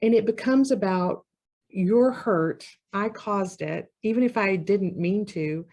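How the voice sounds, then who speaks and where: A woman's voice: mid-range voice, slow pace. A woman therapist giving a conversational talk on relationships, now and then acting out what partners say. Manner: conversational, acts out quoted partners with lively shifts. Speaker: marriage therapist. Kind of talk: educational talk to camera.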